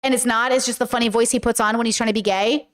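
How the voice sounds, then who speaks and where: A woman host giving casual commentary as she reacts to viewer comments, rambling and animated, with lots of fillers and playful mimicked voices. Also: on the high side, fast. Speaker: YouTuber and podcast host.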